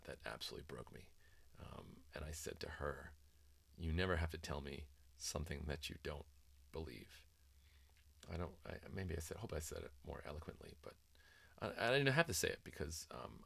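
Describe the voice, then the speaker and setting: Deep-voiced middle-aged dad, casual and rambling, lots of ums, dry close mic. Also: male voice, vocal fry, a bit bright, no echo. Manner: rambling, many ums and restarts, mimics sing-song voices in quotes. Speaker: author discussing his book on parenting. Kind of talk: casual reflective talk.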